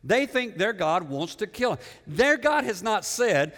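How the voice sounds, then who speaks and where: In a church sanctuary full of long reverb, a middle-aged pastor delivers a sermon in a conversational style. His voice sits high and a bit bright, very animated yet measured in pace, as he repeats words and questions the congregation.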